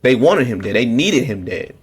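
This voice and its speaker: A man's voice: medium pitch, big pitch swings, normal speed, husky. Man ranting casually to camera. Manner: repetitive, restarts, sarcastic mocking quotes. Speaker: political commentator. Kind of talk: casual political rant to camera.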